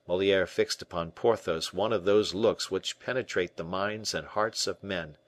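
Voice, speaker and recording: A man with a fairly low voice reads an old adventure novel aloud in measured, expressive narration. The recording is dry and close, with no room sound. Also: no echo. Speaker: audiobook narrator. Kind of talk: scripted narration.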